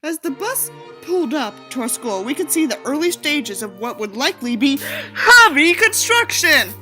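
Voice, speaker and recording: A woman's voice: high voice, sing-song, moderate pace, music in the background. A young woman reading a book aloud and breaking off for sarcastic, swearing asides. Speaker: audiobook reader.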